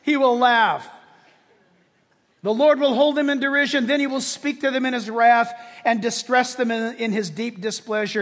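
Guy preaching a sermon, really high voice, fired up and shouty, big church echo. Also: expressive, moderate pace. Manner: impassioned, emphatic preaching with shouted peaks. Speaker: pastor. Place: church sanctuary with congregation. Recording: long hall reverb.

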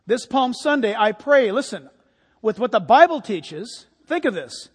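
Male pastor, unusually high voice, chatty storyteller in a reverberant sanctuary. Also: animated, unhurried, husky. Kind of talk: sermon with anecdotes. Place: church sanctuary.

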